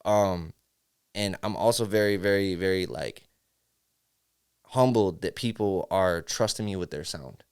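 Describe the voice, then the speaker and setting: Smooth-voiced man telling studio stories. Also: low voice, unhurried, long pauses. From Syracuse, New York. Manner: animated storyteller, acts out studio dialogue, says bro a lot. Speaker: music engineer, podcast guest. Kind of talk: casual interview chat.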